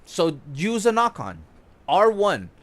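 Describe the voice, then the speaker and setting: A young man with a fairly high voice talks through a football video game tutorial as he plays. He is casual and excited, pointing out moves on screen and swearing now and then. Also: takes it slowly. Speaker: gaming YouTuber. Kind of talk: casual gameplay tutorial commentary.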